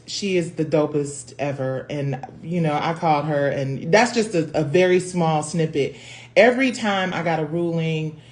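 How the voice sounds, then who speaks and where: A woman hosting her own livestream, talking candidly and emotionally, swearing casually and calling her viewers y'all. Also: low-pitched. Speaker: host. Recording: faint background noise.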